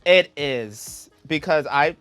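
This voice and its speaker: A man talking as a guest on a casual chat show, sassy and slangy with quick asides. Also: a little high, lively intonation, a bit bright, clear, resonant tone, dry recording, soft background music.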